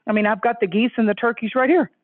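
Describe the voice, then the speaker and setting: A woman's voice: fairly even intonation, fast, dry recording. Effusive woman on a tinny phone line. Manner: effusive, jumps into high voices quoting others. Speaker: astrologer guest. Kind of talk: animated storytelling chat.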